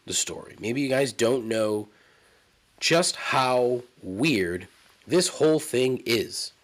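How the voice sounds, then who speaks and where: A man hosting a solo podcast, telling a story in a rambling, profane, incredulous way. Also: medium pitch. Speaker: podcast host. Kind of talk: casual solo monologue.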